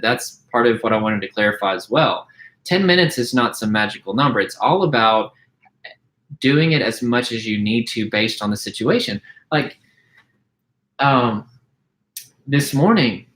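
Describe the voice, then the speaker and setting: A man at home coaches his course members through handling anxiety, speaking at an ordinary middle pitch. He talks in an earnest, unscripted way, stumbling over and repeating words. He keeps checking in with a quick "okay?". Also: fairly bright tone, rough recording. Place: home, mowing heard outside.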